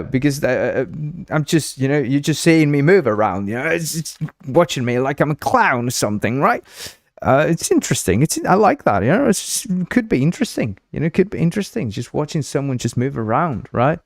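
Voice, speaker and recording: A man's voice: a little high, big pitch swings, normal speed, creaky, no echo, studio quality. A man from Uruguay hosting a casual livestream, rambling and joking, with frequent laughs and stumbling restarts. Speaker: livestream host.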